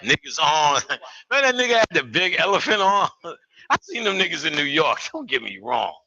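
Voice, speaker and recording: Male lecturer, profane streetwise delivery, somewhat high voice. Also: big pitch swings, moderate pace, creaky, bright, forceful tone, dull audio. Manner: profane, streetwise, joking asides. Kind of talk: live lecture to an audience.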